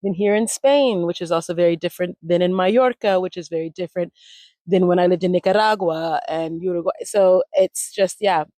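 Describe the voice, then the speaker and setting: A woman in her forties being interviewed, telling animated stories and acting out quoted voices. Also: fairly low pitch, brisk, no room sound. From United States. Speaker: language retreat founder, interview guest. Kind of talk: conversational interview storytelling.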